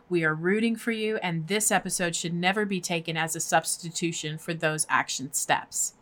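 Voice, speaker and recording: A woman's voice: fairly low pitch, sharp tone. A woman co-hosting a podcast in a chatty, effusive way, laughing easily as she introduces a guest. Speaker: podcast co-host.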